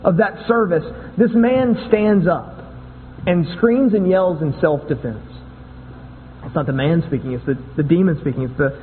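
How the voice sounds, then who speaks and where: Man, pastor, sermon, conversational, repeats words, long hall reverb, faint hum. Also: sits high. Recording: tinny phone-like sound with long hall echo.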